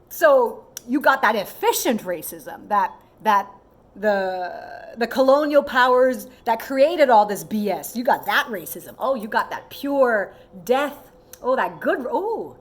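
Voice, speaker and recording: A woman in her thirties talking casually to camera as a vlogger, animated and given to mimicking other people in quoted asides. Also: a little high, slow.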